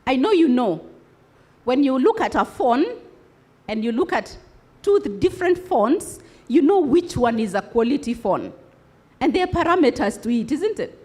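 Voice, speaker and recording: High, lively woman giving a speech. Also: normal speed. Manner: rhetorical questions, call-and-response with audience. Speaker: conference speaker. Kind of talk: motivational speech to students.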